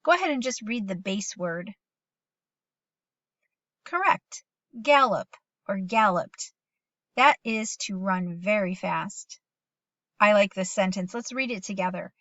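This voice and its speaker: A middle-aged woman teaching a phonics lesson to young children at home, patient and encouraging, reading sentences slowly aloud with them. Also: mid-range voice, lively intonation, a bit bright, no echo, dull audio.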